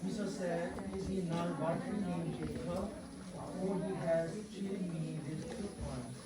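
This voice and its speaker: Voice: mid-range voice, unhurried, heavy background noise. A congregation reading scripture aloud in unison during a church service. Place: church hall. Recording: echoey church hall from far off.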